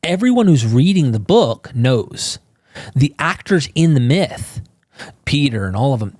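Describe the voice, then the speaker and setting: A man talking casually as a podcast guest, animated and informal, acting out quotes in exclaiming voices. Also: fairly high pitch, quick pace, no room sound, studio quality. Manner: casual, swears and says bro.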